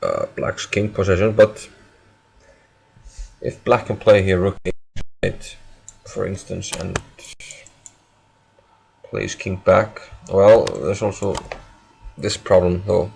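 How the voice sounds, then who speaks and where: A man's voice: low-pitched, slow pace, gravelly, long pauses, darkish tone, a little hiss or hum. A man giving live chess commentary on a stream, casual and jokey, thinking aloud and mocking himself.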